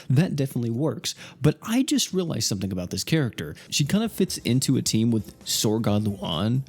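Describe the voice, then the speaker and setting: A young man with a lowish voice gives an animated reaction to a new game character, thinking aloud and laughing often. He talks casually into a desk mic. Faint music plays underneath. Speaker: gaming YouTuber. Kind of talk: casual gameplay commentary.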